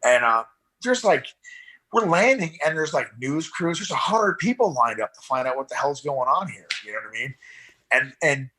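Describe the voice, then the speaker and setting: In a casual interview, a middle-aged former rescue swimmer and paramedic rambles through stories, performing the voices of the characters with animation. His medium-pitched voice is slightly rough, and his pace is moderate.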